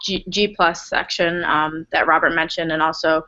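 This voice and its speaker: A woman leads a grant webinar in a chatty, apologetic way, full of fillers. Her voice is bright and a little tense, on the lower side for a woman. The video call audio sounds dull and lo-fi. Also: fairly even intonation, moderate pace. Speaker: program associate presenting a grant webinar. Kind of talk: webinar presentation.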